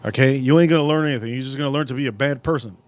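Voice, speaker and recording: A man hosting a live cooking stream outdoors at a grill, talking in a casual, profane way with sudden loud exclamations. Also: medium pitch, very fast, a little hiss or hum.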